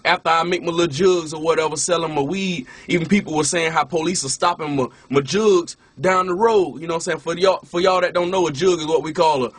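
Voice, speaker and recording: A man with a husky, slightly high voice tells his personal testimony in a loose, casual way. He restarts phrases and keeps dropping "you know what I'm saying". The sound is dry and close. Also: no echo. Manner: restarts and repeats words while telling. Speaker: minister and former rapper.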